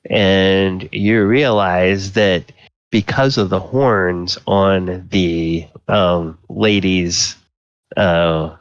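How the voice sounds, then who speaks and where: A man running a tabletop game as dungeon master, narrating slowly with many ums and uhs. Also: low voice, steady tone, no room sound, muffled recording. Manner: slow, filler-heavy descriptive narration.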